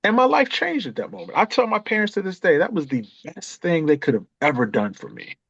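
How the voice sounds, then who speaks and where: Animated storyteller man in his 50s. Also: on the high side, a little fast, gravelly, husky, dry recording, muffled recording. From Atlanta, USA. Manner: animated storyteller who acts out quoted voices. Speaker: guest, author and chess coach. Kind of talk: conversational storytelling.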